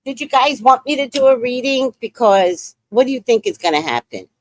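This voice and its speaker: Lively New York woman streamer. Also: fairly high pitch, brisk. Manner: chatty, blunt, profane, laughs often. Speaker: livestream host. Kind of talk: casual live-stream commentary.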